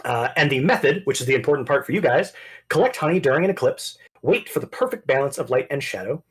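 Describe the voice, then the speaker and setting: GM: husky man, lively delivery, rambling narration of an online tabletop game. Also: mid-range voice, quick pace. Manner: animated, rambling, self-correcting. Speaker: game master.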